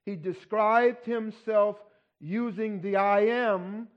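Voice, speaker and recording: High-voiced man preaching slowly, muffled recording. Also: fairly even intonation. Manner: conversational teaching, often asks "right?". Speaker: pastor. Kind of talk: sermon.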